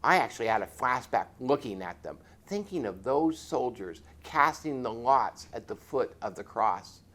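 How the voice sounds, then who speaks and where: A man tells a personal faith testimony in an earnest, storytelling manner. His pitch moves a lot, and he pauses and repeats phrases as he goes. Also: sing-song, fairly bright tone. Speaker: former police chaplain telling a testimony.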